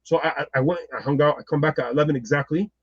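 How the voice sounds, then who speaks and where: A man telling a personal story as a guest, lively and acting out the people in it. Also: a little high, rapid-fire, slightly rough, no room sound, dull audio.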